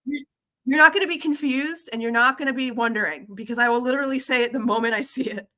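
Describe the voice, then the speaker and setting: A woman guest on a casual livestream, blunt and combative, quick to call people out. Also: sits high, sharp tone. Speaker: stream guest.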